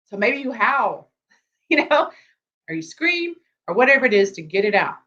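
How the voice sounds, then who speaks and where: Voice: medium pitch, sing-song, normal speed, pushed and bright. Chatty dating coach on a dull lo-fi stream. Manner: chatty, rambling, keeps checking in with "okay?" and "right?". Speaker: dating coach for tech men. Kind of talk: live-stream advice talk. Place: room with geek collectibles behind. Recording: dull lo-fi sound with faint hum.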